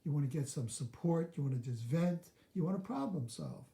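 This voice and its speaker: A man's voice: on the high side, lively intonation, brisk, vocal fry, mellow, echoey room. A man coaching on a live video, walking through steps one by one and acting out sample lines of dialogue. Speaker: relationship coach.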